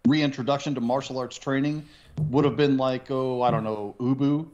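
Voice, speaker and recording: A man's voice: mid-range voice, fairly even intonation, normal speed, darkish tone, highs cut off. A man on a podcast panel giving his opinions in casual chat, thinking aloud with false starts.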